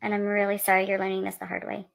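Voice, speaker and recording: A mother talking calmly and in a measured way, with an outwardly gentle tone. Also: mid-range voice, gravelly. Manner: calm, measured, falsely gentle.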